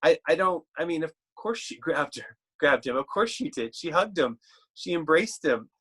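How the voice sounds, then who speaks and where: A man preaching a sermon in a conversational, halting way, with frequent restarts and slower, weightier reading of scripture. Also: a little high, animated, a bit bright, husky.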